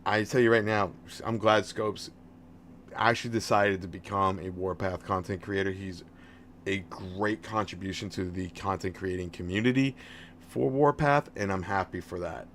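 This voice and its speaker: A man's voice: sits low, steady tone, normal speed, fairly bright tone, a little hiss or hum. A man in his thirties chatting casually on a live stream about a game, friendly and rambling, often restarting his words. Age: 30s. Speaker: game livestreamer.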